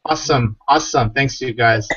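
A man's voice: mid-range voice, a little fast, a bit bright, breathy edge, no room sound. A man co-hosting a casual livestream, reading out viewers' questions and chatting. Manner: reads viewer questions aloud. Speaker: livestream co-host. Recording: dull lo-fi stream audio.

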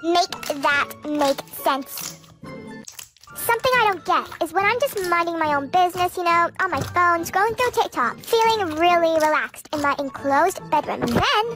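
Very high-voiced sarcastic young woman. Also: expressive, moderate pace. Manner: exasperated, sarcastic complaining. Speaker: storyteller. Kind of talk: storytime narration. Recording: music playing behind.

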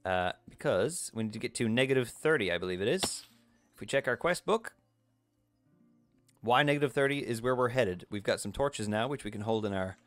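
A man's voice: on the low side, fairly bright tone. A man hosting a let's play video, talking through his game in a jokey, self-deprecating way and yelping at sudden surprises. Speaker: gaming video host.

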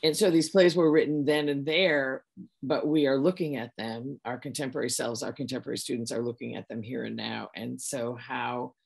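A woman's voice: rumbling low, fairly even intonation, brisk, creaky, husky. A middle-aged American woman, a director of education talking as a guest, speaking with enthusiasm and often restarting her phrases. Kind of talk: conversational interview.

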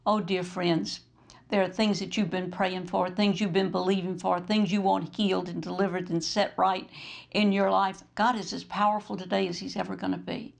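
A woman's voice: on the low side, moderate pace, vocal fry. A woman minister hosting her program, telling a story as a sermon and acting out the dialogue in it. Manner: animated storyteller, acts out quoted dialogue.

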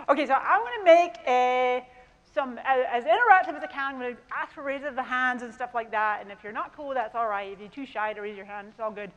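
Woman, mixed canadian-scottish accent, fairly high voice, enthusiastic, chatty, keynote talk, lapel mic, big hall. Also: brisk, highs cut off. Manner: enthusiastic, chatty, talks to the crowd. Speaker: conference keynote speaker. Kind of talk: lively conference talk. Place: large conference hall.

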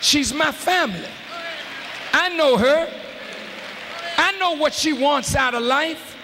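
A man preaching a fiery sermon to a large arena crowd, shouting emphatically and calling out to the audience. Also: extremely high pitch, takes it slowly. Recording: live arena hall with faint crowd noise.

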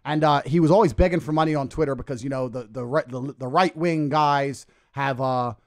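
A man from England telling a story on a podcast, boastful and animated, laughing often. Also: medium pitch, brisk. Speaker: guest.

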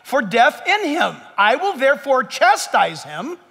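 A man's voice: extremely high pitch, sing-song, measured pace, vocal fry, bright, forceful tone, exaggerated voice. A male preacher voicing an exasperated Roman governor in disbelief, in a reverberant church. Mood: incredulous. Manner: incredulous, pleading.

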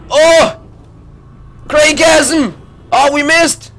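A man streaming live gameplay, reacting with loud excited exclamations and swearing. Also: sits high, slow pace, pauses often, soft background music. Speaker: gaming streamer.

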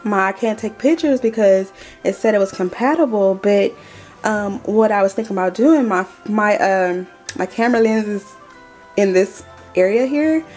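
A woman in her thirties chatting casually to her viewers at home in a talking haul vlog, animated and addressing them as y'all. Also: medium pitch, moderate pace, faint music behind. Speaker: vlogger.

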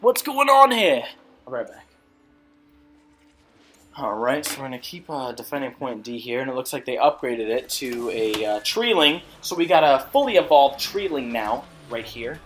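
A young man giving excitable gameplay commentary, swearing often and laughing a lot. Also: mid-range voice, moderate pace. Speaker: gamer.

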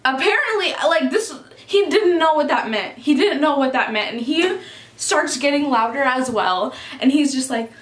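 High-voiced chatty young woman vlogger. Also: expressive, moderate pace, fairly bright tone. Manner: chatty, swears often, says "like" constantly. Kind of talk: casual storytime. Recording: echoey room.

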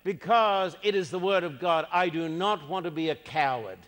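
A man's voice: fairly high pitch, normal speed, a bit bright, long reverb tail. A man preaching a sermon, emphatic and repeating his key phrases.

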